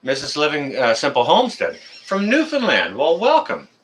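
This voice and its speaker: A man's voice: fairly high pitch, huge pitch swings, moderate pace, a bit bright, a little hiss or hum. A man from Canada hosting a casual live stream, greeting viewers by name in a friendly, rambling way with many fillers.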